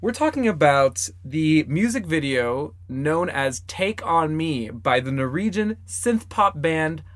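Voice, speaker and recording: A man's voice: fairly high pitch, expressive, takes it slowly. A man co-hosting a podcast in casual chat, giggly and chatty, reacting with little noises. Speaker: podcast co-host.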